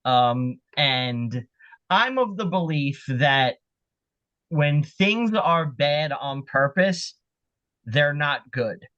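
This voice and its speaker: A man with a fairly high voice appearing as a guest on a podcast. He is talkative and tells stories with lively energy. His tone stays casual and conversational. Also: drawn-out words, dull audio.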